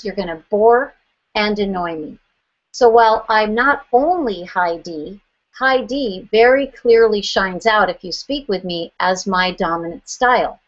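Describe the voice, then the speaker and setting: Direct, emphatic woman trainer. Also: mid-range voice. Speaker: sales trainer. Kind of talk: presentation. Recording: slightly muffled.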